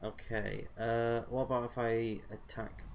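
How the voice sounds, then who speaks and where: A man's voice: medium pitch, flat delivery, unhurried, creaky, a little hiss or hum. A young man chatting casually in a rambling way, with many fillers, while commentating his own gameplay. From United Kingdom. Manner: rambling, chatty, with frequent fillers and self-corrections. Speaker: gaming streamer. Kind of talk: casual let's-play commentary.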